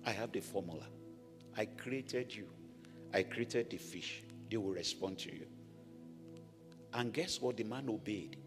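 A man from Nigeria preaching a sermon as pastor, animated, rising to shouted blessings over the congregation. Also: fairly low pitch, unhurried, long pauses. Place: large church hall. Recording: echoey church hall with music.

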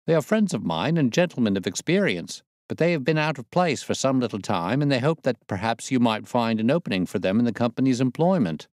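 A man's voice: medium pitch, very animated, fairly quick, few pauses, darkish tone, no room sound, studio quality, pitched above the performer's own voice, close to an everyday voice. A man voicing an agitated, terrified middle-aged company director with a strained, pleading manner.

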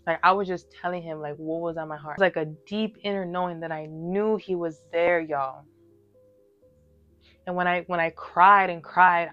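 Low-voiced girl in her early 20s telling her testimony, casual and emphatic, soft music behind. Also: steady tone, normal speed, clean tone, highs cut off. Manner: emphatic, talks straight to viewers with many fillers. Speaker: vlogger sharing her testimony.

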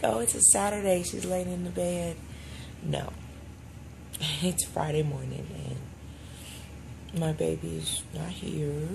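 A chatty woman vlogs in a relaxed, casual way and laughs often between thoughts. Her voice sits a bit low. Loud background noise runs under her the whole time. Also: vocal fry. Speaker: vlogger. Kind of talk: casual vlog chat.

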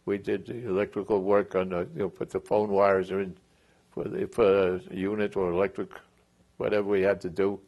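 A man's voice: sits low, level tone, moderate pace, a little mellow, highs cut off. A man in his eighties telling a veteran's war memories in an oral history interview, rambling and chuckling with many restarts. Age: 80s.

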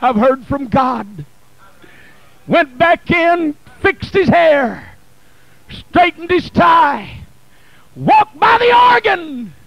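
A man who is a bishop, preaching a Pentecostal sermon in a church, with a rhythmic, chanted, shouting delivery, on an archival 1980 church recording. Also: very high voice, sing-song, drawn-out words, creaky, long pauses, no room sound, lo-fi sound. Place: church sanctuary.

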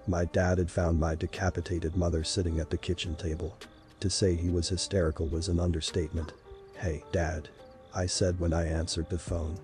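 A man reading a first-person horror story aloud in a steady, unhurried narration. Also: low voice. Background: faint background music.

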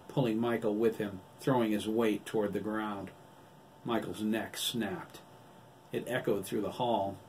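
Low-voiced man narrating a novel. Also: a little mellow. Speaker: author reading his own novel. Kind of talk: audiobook narration. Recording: distant mic with faint background noise.

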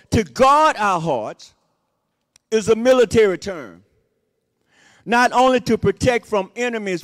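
A man preaching a sermon as associate pastor, repeating his points with emphasis and breaking in with "Amen" and "Praise the Lord.". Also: high-pitched. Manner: repetitive emphatic phrasing. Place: church sanctuary. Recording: long reverb of a church hall.

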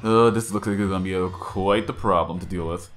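A man's voice: sits low, fairly even intonation, fairly quick. A man hosting a gaming channel, giving casual, chatty commentary while he plays and jokes about his own mistakes. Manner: chatty, self-deprecating, coaching himself aloud. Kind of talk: casual let's-play commentary.

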